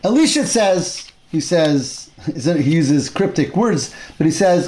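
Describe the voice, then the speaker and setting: A man teaching a Torah class, retelling a Bible story with animated storytelling and Hebrew terms mixed in. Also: a little high, slow pace, few pauses.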